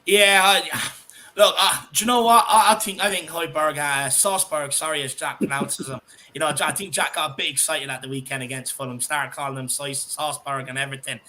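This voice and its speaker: Excitable high-voiced Irish man. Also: brisk. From Ireland. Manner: excitable, swears, reads viewer comments. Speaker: podcast host. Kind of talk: casual fan chat.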